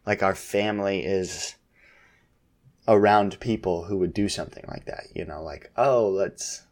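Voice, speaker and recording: A man in his thirties, a podcast co-host, casually chatting about his kids in a relaxed, rambling way with lots of fillers. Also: sits low, a little slow. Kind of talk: casual chat about family.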